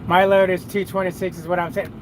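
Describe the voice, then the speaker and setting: A man's voice: high-pitched, flat delivery, fast talker, background noise. A man who drives trucks, chatting and cursing freely with viewers on a live stream from his cab. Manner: profane, rambling, talks to viewers and his dog. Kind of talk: casual live chat.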